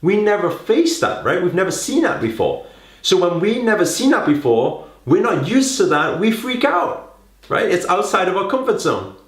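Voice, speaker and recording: In an echoey room, a very animated man teaches public speaking to the camera at a moderate pace, his pitch rising and falling dramatically. He coaxes viewers constantly, sprinkling in rhetorical questions and "right?".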